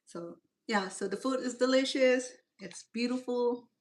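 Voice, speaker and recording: A middle-aged woman with a Cambodian accent, a native Khmer speaker, hosts a home cooking channel and rambles through stories in broken English from her kitchen. The talk is casual and chatty. Her voice is on the high side, at a measured pace.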